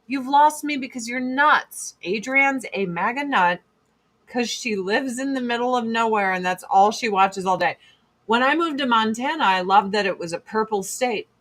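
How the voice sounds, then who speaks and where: Woman ranting on camera, high voice, swears a lot, blunt and fast. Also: a bit bright. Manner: blunt and profane; emphatic, fast bursts. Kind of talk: casual opinion rant.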